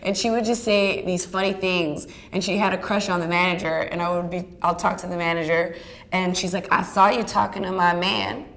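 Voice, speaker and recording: An actress chatting about her work in an interview, telling stories in a lively way with plenty of fillers and laughs. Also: fairly low pitch, fairly quick. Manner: chatty, animated storyteller with many fillers and laughs. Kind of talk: casual storytelling interview.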